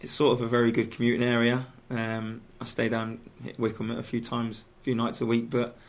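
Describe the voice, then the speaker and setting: A man, a footballer guest in a radio studio, chatting casually and haltingly with many restarts and fillers. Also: medium pitch, monotone. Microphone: studio microphone.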